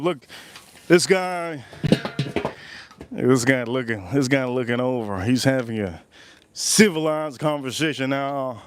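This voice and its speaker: A man's voice: medium pitch, dry recording. A man hosting a casual cooking livestream outdoors at a grill. He jokes loosely and reads viewer messages aloud. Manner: loose, joking, talks to chat and reads super chats aloud. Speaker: livestream host.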